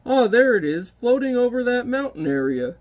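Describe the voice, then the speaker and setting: A kindly, well-meaning giant who speaks in a gentle, earnest storybook way, as a man reads him out from a comic. His voice sits high and bright for a big fellow, and his tone stays sincere and mild. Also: expressive, normal speed, dull audio. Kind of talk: reading comic dialogue aloud.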